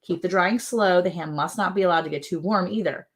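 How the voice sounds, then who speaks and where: A woman with a fairly low voice hosts a relaxed livestream from a ranch. She chats easily, reads viewer comments aloud and laughs often. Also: brisk. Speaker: livestream host. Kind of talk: casual livestream chat. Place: ranch home.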